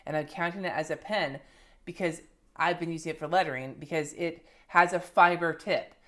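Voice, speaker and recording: A woman's voice: deep voice, moderate pace, fairly bright tone. A woman in her thirties chatting casually and swearing freely as she shows her favorite planner supplies to the camera. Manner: chatty and profane, showing items to the camera. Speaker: planner and lettering vlogger. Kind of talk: casual monthly favorites vlog.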